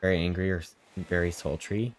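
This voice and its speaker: A woman with a strikingly deep voice chats and jokes with her viewers while streaming a game. Her talk is loose and playful as she reacts to chat, with game music playing clearly behind her. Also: fairly even intonation, brisk. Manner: joking, chatty, reacting to chat. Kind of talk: casual live-stream chat.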